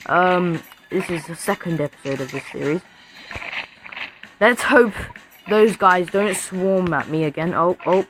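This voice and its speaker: A woman records casual gameplay commentary, talking freely and getting excited as the action builds. She cheers her units along in a loose, chatty way. Game music plays clearly behind her voice. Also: on the low side, low-quality recording. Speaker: gaming video creator.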